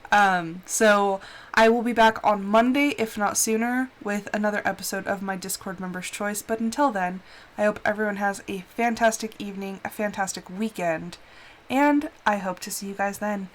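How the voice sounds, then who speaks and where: A woman's voice: medium pitch, moderate pace. A woman game streamer chatting casually and openly with her viewers, heartfelt and reassuring as she talks to them. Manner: reassuring, speaks directly to viewers. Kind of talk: casual live-stream chat.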